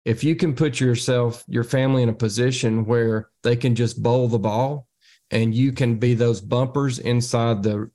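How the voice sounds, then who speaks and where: Dark-voiced man on a money panel. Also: medium pitch. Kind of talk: round table discussion.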